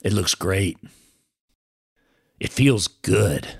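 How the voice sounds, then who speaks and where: A man's voice: sits low, animated, very slow, gravelly, husky, no echo, studio quality. A man giving an earnest personal testimony sermon, speaking straight to the listener and calling him brother.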